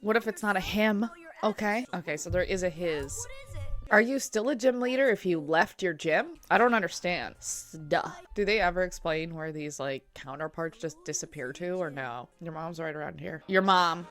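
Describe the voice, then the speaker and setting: A woman's voice: lowish voice, moderate pace, fairly bright tone. A young woman chatting casually and giggling as she reacts to a cartoon at home. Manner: chatty and giggly, full of filler "like". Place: home room at a desk chair.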